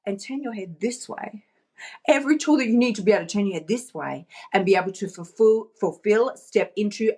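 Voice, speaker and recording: A woman life coach giving a motivational vlog talk into her phone, playful and emphatic, often laughing. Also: on the high side.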